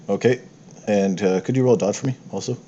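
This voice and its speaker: A man's voice: lowish voice, highs cut off, noisy background. A man narrating a tabletop game as game master, playful and often correcting himself as he goes.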